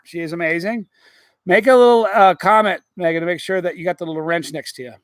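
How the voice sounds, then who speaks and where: A middle-aged man hosting a casual live stream, rambling through stories and chatting with viewers in an animated way. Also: high-pitched, fast talker, dry recording.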